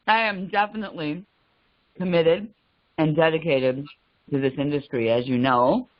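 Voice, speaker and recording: A woman's voice: low-pitched, lively intonation, unhurried, no echo. A woman talks earnestly on a video call, laughing often and stopping to restart her thoughts. The sound is dry and slightly muffled, like call audio. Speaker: call participant. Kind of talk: casual chat on a group video call.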